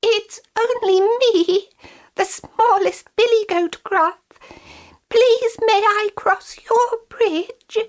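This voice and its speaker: Woman doing a squeaky pleading little goat. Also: very slow, exaggerated voice. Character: tiny timid young male billy goat.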